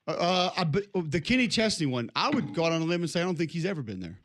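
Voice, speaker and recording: A man's voice: fairly high pitch, racing, no room sound, studio quality. A man co-hosting a morning sports radio show, chatting casually with opinionated, rambling takes. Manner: opinionated, rambling, lively tangents. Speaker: radio sports talk co-host.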